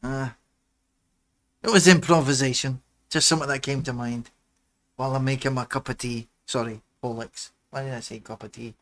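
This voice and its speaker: A man's voice: mid-range voice, fairly even intonation, normal speed, fairly bright tone. Rambling man chatting on a livestream. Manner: rambling, drifts into muttered asides and musings. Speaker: livestream host. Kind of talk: casual livestream chat.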